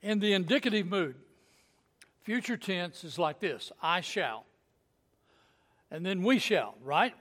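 A man's voice: high voice, lively intonation, slow pace, pauses often, fairly bright tone. A man preaching a sermon to his congregation, explaining scripture in a folksy way with joking asides and chuckles.

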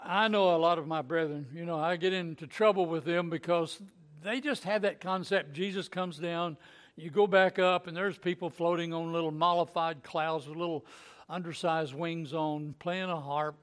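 Male preacher with a high voice, folksy and joking, delivering a Sunday sermon. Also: fairly even intonation, moderate pace. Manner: folksy, joking asides with chuckles.

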